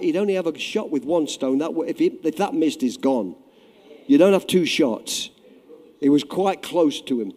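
A man preaching a sermon, telling a story with lively acted-out voices that swell loud at the high points. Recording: long hall reverb.

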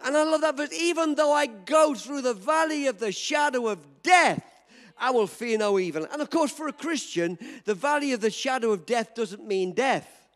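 A high-pitched, lively male pastor preaches to his congregation, joking and then driving his points home with emphatic bursts. His voice swoops up and down as he goes. Long reverb from the church hall trails behind every phrase. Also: normal speed. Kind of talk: sermon.

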